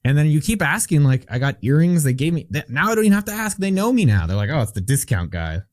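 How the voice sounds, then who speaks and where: A man, a guest entrepreneur on an interview podcast, telling stories in an animated, emphatic way. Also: a little high, fast talker, dry recording, clean studio sound. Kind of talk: conversational interview.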